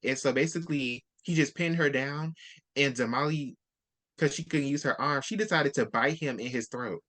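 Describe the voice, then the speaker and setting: A host in a casual book discussion, retelling the story with lively quoted character lines. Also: mid-range voice, normal speed.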